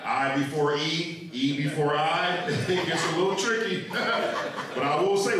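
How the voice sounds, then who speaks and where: A man's voice: on the high side, a little slow. Man doing stand-up in an echoey theater. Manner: animated storytelling with acted-out quotes. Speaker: stand-up comedian. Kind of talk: stand-up comedy set. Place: theater stage before a live audience. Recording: echoey theater, mic heard from far off. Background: audience room noise.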